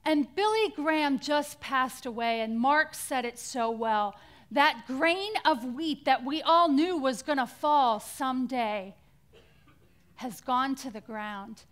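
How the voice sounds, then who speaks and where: High, bright-voiced woman preaching slowly. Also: expressive. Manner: dramatic, drops to near-whispers for quoted words. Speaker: conference speaker. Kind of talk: inspirational Christian talk.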